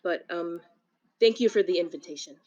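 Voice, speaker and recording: A woman's voice: on the low side, normal speed, darkish tone, muffled recording, lightly acted. A woman voicing a very young half-elf man who is nervous, polite and a little out of place.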